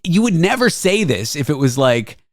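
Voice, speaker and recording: A man hosting a podcast in casual comedic chat, joking and animated as he tells stories. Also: fairly high pitch, normal speed, no echo, studio quality. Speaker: podcast host.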